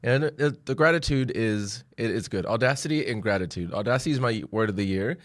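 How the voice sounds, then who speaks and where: A man's voice: mid-range voice, animated, a little fast, no echo, studio quality. A man co-hosting a podcast, reflective and upbeat in casual chat. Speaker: podcast co-host.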